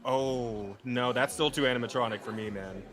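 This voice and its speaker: A man in casual podcast chat, swearing freely and laughing through his reactions. His voice sits at an ordinary middle pitch, and a little music plays faintly under him. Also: fairly even intonation, normal speed. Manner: profane, laughing, loose rambling. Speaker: podcast co-host.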